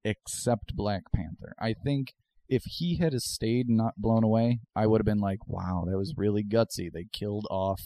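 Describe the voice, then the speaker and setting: Man, low voice, podcast co-host, casual rambling chat. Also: normal speed, few pauses, mellow, no echo. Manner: rambling, with many fillers.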